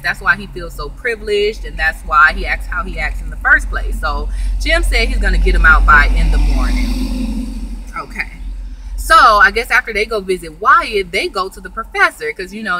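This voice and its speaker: Woman reviewer, gossipy recap delivery, sharp bright tone, faint hiss behind. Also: on the low side, poor audio. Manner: chatty storytelling, acting out characters' lines with "like". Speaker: TV show reviewer. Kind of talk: casual episode recap.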